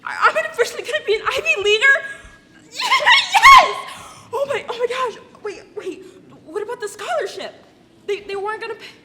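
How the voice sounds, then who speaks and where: A woman's voice: medium pitch, fairly quick, slight background noise, lightly acted. A young woman playing an eager, apologetic teen applicant in a school stage play, stammering and repeating herself. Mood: overjoyed. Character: eager teen girl, top student applicant. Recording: echoey hall, far from mic.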